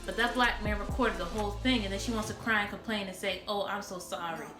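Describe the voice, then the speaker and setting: A woman's voice: medium pitch, steady tone, fast. Blunt woman vlogger in an echoey room. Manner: blunt, talks straight to viewers. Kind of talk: impassioned direct-to-camera rant. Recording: echoey room with background music.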